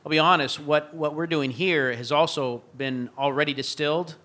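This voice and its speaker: A man on a faculty panel answering audience questions, pausing and searching for his words. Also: on the high side, steady tone, sharp tone. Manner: halting, searches for words mid-sentence. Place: lecture room at an institute.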